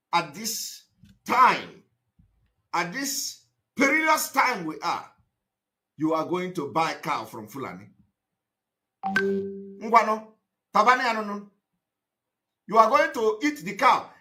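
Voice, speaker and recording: A man giving a live broadcast monologue, emphatic and repetitive, breaking into shouted outbursts. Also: sits high. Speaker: activist broadcaster.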